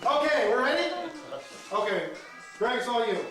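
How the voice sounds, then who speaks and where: A man doing live stand-up comedy, teasing audience members in loud banter. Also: extremely high pitch, expressive, moderate pace, soft background music. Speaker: stand-up comedian hosting a crowd game. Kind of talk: live stand-up with crowd work. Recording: echoey room, far mic, crowd noise.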